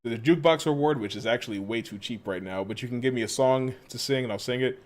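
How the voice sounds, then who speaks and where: A man's voice: medium pitch, fast talker. Chatty, swearing male game streamer. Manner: chatty, swears and laughs often, self-mocking. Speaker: live streamer. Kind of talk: casual gaming stream chat.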